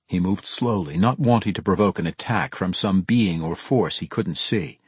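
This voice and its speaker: Low husky guy reading a fantasy audiobook, lively up-and-down delivery, dry close sound. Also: moderate pace, no echo. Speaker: audiobook narrator. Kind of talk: scripted fantasy narration.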